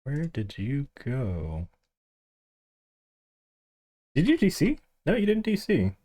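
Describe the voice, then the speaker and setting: A man's voice: mid-range voice, slow pace. A man streaming a game, chatting casually and animatedly to the players with him. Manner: animated, yelps and laughs, chats to other players.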